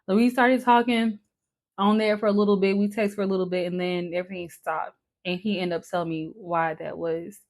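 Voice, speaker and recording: A woman's voice: mid-range voice, fairly even intonation, fairly quick, a little mellow. A young woman chatting candidly to the camera while patting on makeup, swearing casually and using lots of "like.". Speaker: vlogger.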